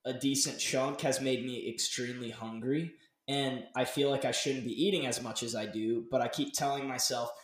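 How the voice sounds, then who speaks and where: A young man hosts a podcast from a dark home office. His rambling, animated chat is full of casual swearing. His medium-pitched voice bounces around a roomy space. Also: moderate pace. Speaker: podcast host. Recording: roomy echo.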